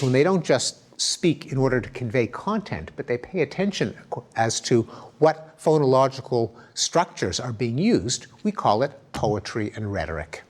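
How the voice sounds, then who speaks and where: Middle-aged male lecturer, mid-pitched, very animated intonation, explanatory. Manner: explanatory, demonstrates sounds aloud; lively, emphatic intonation. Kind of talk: recorded academic lecture.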